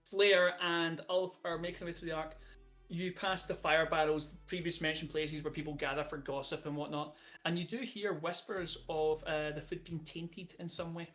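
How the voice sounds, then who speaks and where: A game master narrating a tabletop game, quick and casual, over faint music. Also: mid-range voice, flat delivery, fairly bright tone. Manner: quick, laughing asides.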